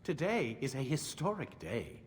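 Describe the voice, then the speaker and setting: A sneering cold scientist captor. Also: male voice, mid-range voice, wildly swooping pitch, measured pace, in a large hall, slight background noise. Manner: curt, commanding, sneering. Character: cold middle-aged male scientist holding a prisoner.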